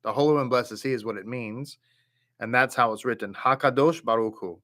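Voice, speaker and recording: A man's voice: mid-range voice, a little fast, pushed and bright. A man teaching a Hebrew reading class, patiently reading each word and repeating it. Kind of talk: slow word-by-word reading lesson.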